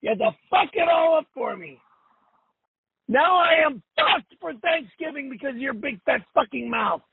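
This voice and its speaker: A man's voice: extremely high pitch, very animated, normal speed, gravelly, very noisy. A man leaving an angry, profane voicemail from his car, cursing and repeating himself. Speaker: show host. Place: driving in a car. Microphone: phone. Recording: tinny phone voicemail.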